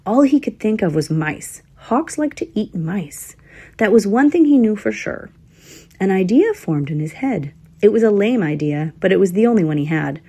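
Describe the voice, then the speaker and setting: A woman's voice: medium pitch, very animated, moderate pace, mellow, breathy edge. A woman narrating a children's storybook aloud, with wry, dry asides to the listener.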